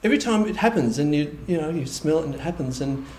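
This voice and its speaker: A man preaching a conversational sermon, with animated asides in which he voices imagined reactions. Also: fairly high pitch, quick pace, reverberant, slight background noise, poor audio. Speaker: pastor. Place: church hall.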